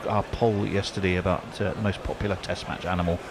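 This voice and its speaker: A man's voice: low-pitched, steady tone, fast, background noise. A man bantering on cricket radio and reading listener messages aloud in a playful, chuckling way. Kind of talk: casual commentary-box banter, reading tweets.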